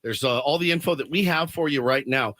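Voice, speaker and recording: A male sports radio host in animated, excitable banter, recorded on a studio microphone. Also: medium pitch, fairly quick, no room sound. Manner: excitable, prone to loud bursts of laughter.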